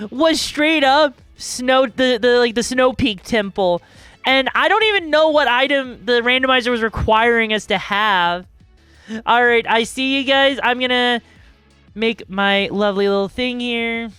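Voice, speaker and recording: A woman's voice: high-pitched, a bit bright, clear, resonant tone, no room sound. A woman streaming live, chatting loosely with her viewers in a bubbly, rambling way. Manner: bubbly, chatty, talks to chat, rambling asides. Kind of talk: casual live-stream chat. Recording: dry close mic, faint music behind.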